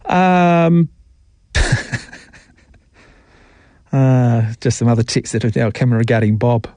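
A man's voice: medium pitch, expressive, takes it slowly, dark tone, no echo. A male sports talkback radio host, teasing listeners and giving strong opinions in a jokey way. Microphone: studio mic.

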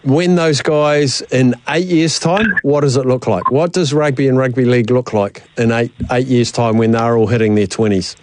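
A man's voice: mid-range voice, steady tone, moderate pace, hardly any pauses, noisy background. A man hosting a sports talk radio show, easygoing and bantering. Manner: easygoing, banters, laughs often. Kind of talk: casual sports radio chat.

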